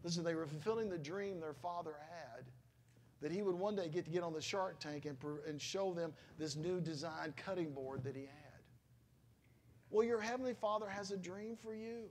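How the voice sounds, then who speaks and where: A man's voice: high voice, normal speed, darkish tone, slight background noise. A middle-aged man, a pastor, preaching a sermon in a conversational, emotional storytelling manner with exclamations.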